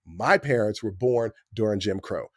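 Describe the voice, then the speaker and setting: A man in his forties from the United States co-hosting a podcast, talking in an animated, joking way and jumping between points. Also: lowish voice, normal speed, slightly rough, no echo, clean studio sound. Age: 40s. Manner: animated, jokey, talks over his co-host. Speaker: podcast co-host. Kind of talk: casual chat.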